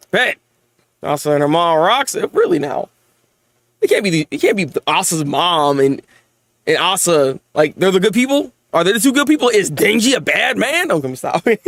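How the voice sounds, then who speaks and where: A young man hosting a live manga reaction and review, excitable, often stammering through repeated words and laughing. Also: high-pitched, dry recording, studio quality.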